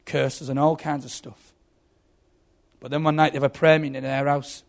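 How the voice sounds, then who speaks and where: A man's voice: fairly high pitch, moderate pace, gravelly. A man preaching a sermon, telling stories with dramatic buildups. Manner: animated storytelling, dramatic buildups.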